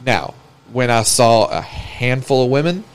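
A man's voice: mid-range voice, unhurried, smooth. A man from the American South co-hosting a casual reaction chat, blunt and swearing freely as he tells stories. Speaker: podcast co-host.

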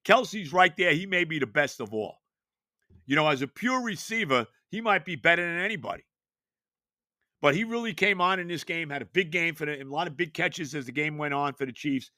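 Bright, emphatic older sports-talk host. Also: male voice, a little high, brisk, dry recording, studio quality. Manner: animated, emphatic rhetorical questions. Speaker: podcast host.

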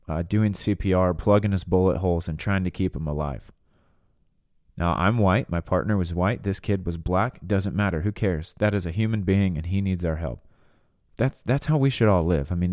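A man with a fairly low voice, preaching with earnest conviction on a podcast. He builds his points with stories and rhetorical questions. The close mic gives a dry, intimate sound. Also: darkish tone, dry recording. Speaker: podcast minister. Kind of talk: preaching monologue.

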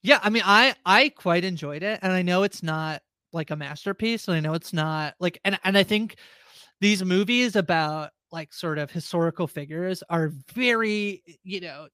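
A woman's voice: on the low side, moderate pace, a bit bright, no room sound, studio quality. A woman co-hosting a casual movie review podcast, rambling with lots of fillers. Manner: rambling, heavy use of "like" and fillers. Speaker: podcast co-host.

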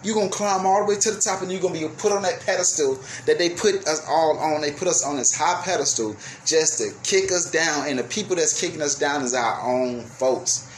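A young man hosting a radio show, delivering a profane, heated rant that swings between yelling and apologizing. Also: fairly high pitch, a little fast, few pauses, a little hiss or hum. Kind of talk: ranting monologue.

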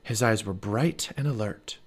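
A man narrating a children's storybook aloud as a parent, with an expressive read-aloud delivery. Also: lowish voice, unhurried.

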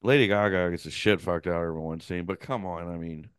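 A man's voice: low-pitched, fast talker, smooth, dry recording, studio quality. A man co-hosting a podcast in casual chat, crude and laughing a lot, often slipping into mocking voices. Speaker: podcast co-host.

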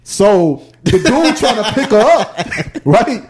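Laughing, animated storyteller man from Chicago. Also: sits high, slow. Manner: animated storyteller, mimics voices, laughs often. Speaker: podcast guest, percussionist. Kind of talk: casual storytelling chat.

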